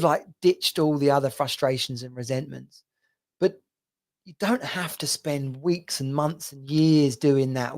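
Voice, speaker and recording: A man hosting a podcast, giving an earnest motivational monologue as a men's coach and speaking straight to the listener. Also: a little high.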